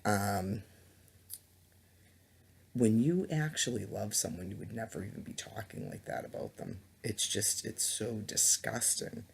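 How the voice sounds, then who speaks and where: A man's voice: fairly low pitch, lively intonation, unhurried, creaky, pauses often, slight background noise. A man giving a rambling, indignant webcam monologue, full of ums, stutters and restarts, on a laptop webcam mic. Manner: hesitant, many ums and restarts; disgusted, indignant. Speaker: vlogger.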